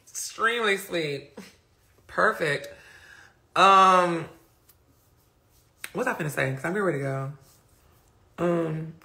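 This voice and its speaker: A man's voice: a little high, vocal fry, bright, forceful tone. A man hosting a livestream rant, blunt and profane, reading chat comments aloud between points, speaking into a phone. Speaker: livestream host.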